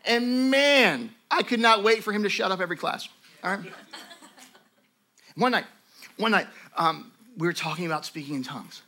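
A man teaching a sermon as pastor, telling stories in a lively conversational way with frequent asides to his listeners. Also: high-pitched, moderate pace, pauses often. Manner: animated storytelling, conversational asides.

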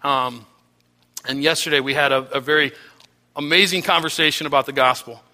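A man preaching a sermon as pastor, earnest, with frequent restarts, his voice dropping low and soft on key phrases. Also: steady tone, a little fast.

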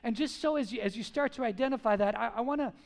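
Very high-voiced man preaching. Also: fast, vocal fry. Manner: animated, many rhetorical questions. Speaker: pastor. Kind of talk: sermon. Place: church service.

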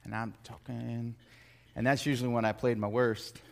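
A man's voice: mid-range voice, level tone, normal speed, vocal fry. A man preaching a sermon in a conversational way, telling personal stories with joking asides and stumbling restarts. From United States. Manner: conversational, joking asides, repeats words when starting.

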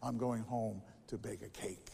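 A glum, greedy storybook toad, read aloud by a man in a sermon, speaking low, slow and droll. The reading rings with a long echo of a church hall. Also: steady tone, gravelly, dark tone, slight background noise. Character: greedy, glum male toad who loves cookies.

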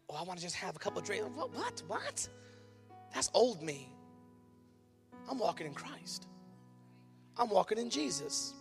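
A young man preaching a sermon as pastor in a church, swinging between loud emphatic rises and quiet asides. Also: high voice. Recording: church hall reverb, faint music.

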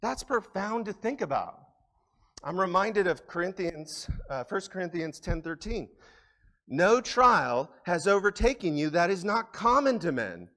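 Guy pastor preaching a sermon in church, kinda high voice, pushes hard then goes soft and close. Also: big pitch swings, a little slow. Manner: earnest preaching, rising to emphatic peaks then dropping to soft, intimate asides. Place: church sanctuary.

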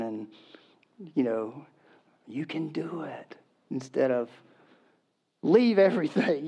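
A man's voice: mid-range voice, a little mellow. A middle-aged man, a pastor preaching a casual, conversational sermon, chuckling, with many restarts and fillers. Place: church in Myrtle Beach.

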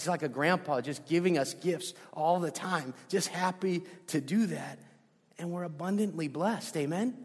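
A pastor preaching a sermon with emphatic delivery that drops to a soft hush on key lines, heard in a church. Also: male voice, fairly high pitch. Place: church sanctuary. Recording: hall with long reverb.

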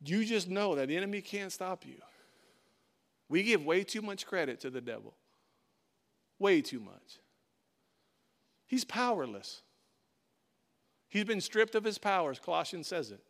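A man's voice: sits high, big pitch swings, a little slow, long pauses, a bit bright. A male pastor preaching a sermon, emphatic and direct, often repeating his phrases.

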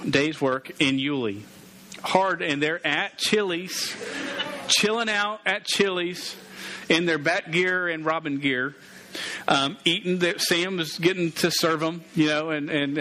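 A man's voice: on the high side, pushed and bright. A man giving a casual, playful sermon as a youth pastor, calling out to his group. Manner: playful, interactive, calls out to the group.

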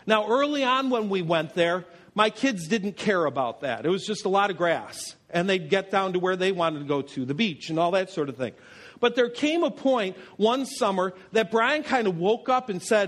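A man's voice: high voice, lively intonation, normal speed, a bit bright. A man preaching a sermon as pastor, telling anecdotes with self-deprecating humor in a church.

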